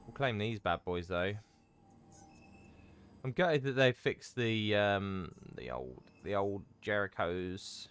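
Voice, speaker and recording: A male gaming streamer chats casually with viewers during a live stream, mocking himself and swearing freely. His fairly low, slightly bright voice is animated but slow, with soft background music playing.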